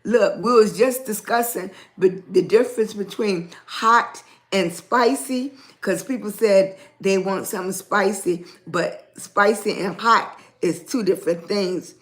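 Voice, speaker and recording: A woman hosts a casual livestream in a hoarse, raspy voice. She talks at an unhurried, drawn-out pace in a middle pitch, stopping to greet viewers by name. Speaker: livestream host.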